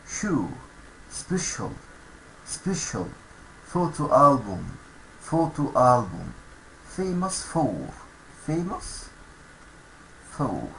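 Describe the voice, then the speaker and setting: A man's voice: medium pitch, fairly bright tone, a little hiss or hum, rough recording. A man teaching English vocabulary to schoolchildren, saying each word twice and explaining it. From Egypt. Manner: slow, repeats each word aloud for learners.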